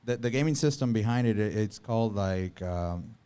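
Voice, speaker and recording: A young adult man chatting casually as a podcast guest, relaxed, often repeating his words as he thinks aloud. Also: on the low side, normal speed, clear, resonant tone.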